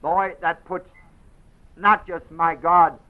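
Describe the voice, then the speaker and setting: A man preaching a sermon, moving from quiet explanation to loud, dramatic quoting of scripture. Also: fairly high pitch, steady tone, slow. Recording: dull lo-fi audio.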